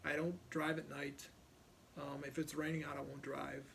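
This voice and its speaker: A man's voice: on the high side, level tone, normal speed, gravelly, fairly bright tone, slight background noise. A middle-aged man from Ohio, a police officer, casually telling a personal story and animatedly acting out other people's lines.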